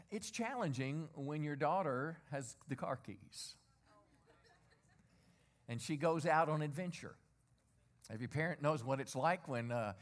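Middle-aged male pastor preaching a sermon. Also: mid-range voice. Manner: call-and-response preaching, asks the congregation to repeat lines; conversational with repeated rhetorical questions.

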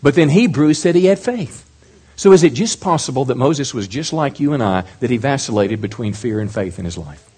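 A middle-aged male pastor preaching a sermon in a lively way, often asking the congregation questions. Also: medium pitch, a little fast, slightly rough.

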